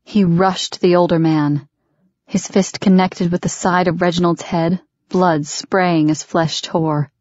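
A woman reading a romance novel as an audiobook in a steady, measured way. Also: fairly low pitch, dry recording, dull audio. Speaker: audiobook narrator. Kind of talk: scripted audiobook narration.

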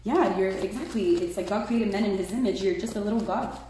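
A woman's voice: medium pitch, brisk, a little hiss or hum. Chatty woman in an echoey room. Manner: chatty, excitable, lots of "like" and "right?". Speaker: tarot reader. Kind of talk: casual tarot reading.

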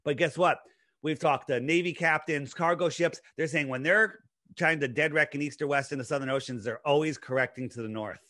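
Slightly high-voiced man lecturing animatedly. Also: a little fast. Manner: lecturing, animated explainer with many restarts. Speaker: podcast guest. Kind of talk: casual podcast chat.

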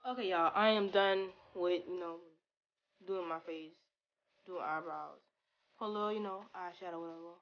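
A young woman chatting casually in a product review vlog. She talks stiffly with little mouth movement and sounds a bit flat. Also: on the low side, moderate pace, muffled recording. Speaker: beauty vlogger.

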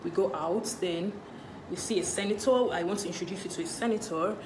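A woman's voice: fairly low pitch, fairly quick. A young woman in a comedy skit, talking in a dismissive, exasperated way. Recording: echoey room with faint hiss.

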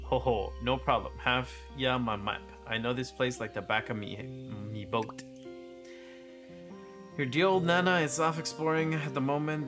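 A man's voice: mid-range voice, natural voice. A man voicing a jolly old male sea skipper in a video game, with a hearty pirate-like drawl and chuckles.

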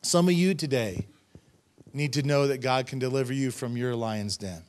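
A man's voice: mid-range voice, moderate pace. A middle-aged man, a pastor, preaching a sermon, reading scripture and adding emphatic, conversational asides to the congregation. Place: church sanctuary.

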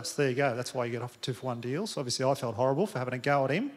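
A man with an Australian accent doing a stand-up comedy set in a big theatre, telling stories in a laconic, deadpan way with plenty of swearing. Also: medium pitch, rapid-fire, hardly any pauses. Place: large theatre stage. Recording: long hall reverb, audience noise. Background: audience laughter.

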